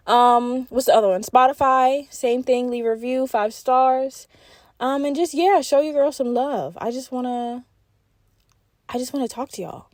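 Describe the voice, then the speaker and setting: A young adult woman hosting a solo podcast, talking in a rambling, blunt, swear-heavy casual rant with bursts of fast, animated talk. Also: a little high, no room sound, studio quality. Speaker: podcast host.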